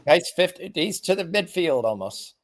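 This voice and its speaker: A man's voice: fairly high pitch, very animated, moderate pace. A man hosting a live sports betting show, calling the game play by play and talking about bets.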